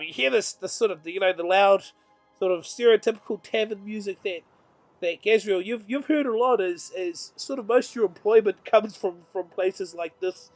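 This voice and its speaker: A man runs a tabletop game, describing scenes in a meandering way and correcting himself often. His voice sits high for a man, with soft music playing faintly behind him. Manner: meandering, self-correcting narration. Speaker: game master.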